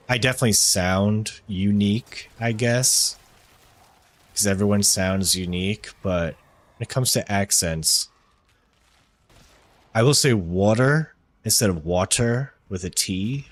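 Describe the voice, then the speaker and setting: A man's voice: sits low, unhurried, pauses often, fairly bright tone. A man streaming a game, chatting casually with his viewers and friend, rambling and swearing, joking at his own expense. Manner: rambling, profane, self-deprecating. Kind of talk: casual gaming stream chat.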